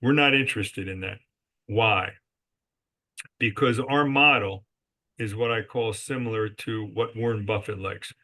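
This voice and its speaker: A man's voice: fairly low pitch, a little slow, long pauses, bright, forceful tone. A man as a guest in a podcast interview, telling business stories emphatically and answering his own rhetorical questions. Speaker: guest, resort company executive.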